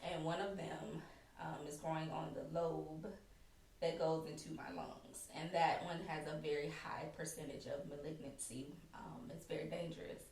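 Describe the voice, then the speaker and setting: A woman's voice: sits low, moderate pace, slight background noise. Woman guest telling her story, laughs a lot, echoey room, mic a bit far off. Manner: animated, laughs often, mimics family in quotes. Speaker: podcast guest. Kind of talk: candid conversational storytelling. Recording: roomy sound from a distant mic.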